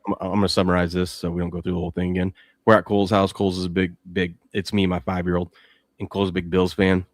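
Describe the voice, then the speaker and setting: A man hosting a sports betting show, chatting casually and telling animated stories. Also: low-pitched, no room sound, studio quality. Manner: animated storytelling, reads ad copy quickly.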